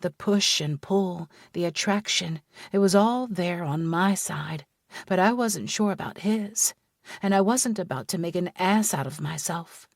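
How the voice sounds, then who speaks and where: Slow, low-voiced woman narrating a romance. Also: gravelly, no room sound, studio quality. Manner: measured, unhurried storytelling. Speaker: audiobook narrator. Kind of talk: first-person romance narration.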